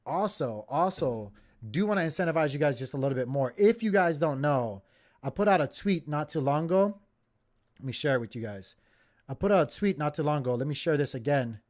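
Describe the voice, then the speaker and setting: Guy on a crypto livestream, kinda high voice, hyped and goofy, talking to chat. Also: brisk. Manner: excitable, jokey, talks straight to viewers. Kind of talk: casual livestream market commentary.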